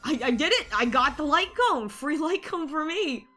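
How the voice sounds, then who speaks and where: A woman live-streaming, chatting casually and rambling excitedly over her game pulls, while sick. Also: high-pitched, moderate pace, soft background music.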